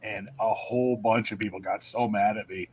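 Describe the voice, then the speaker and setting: A man's voice: on the low side, fairly even intonation, moderate pace, a little mellow, a little hiss or hum, low-quality recording. A man who works as a radio programmer, explaining a point with good humor on a podcast. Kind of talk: casual chat.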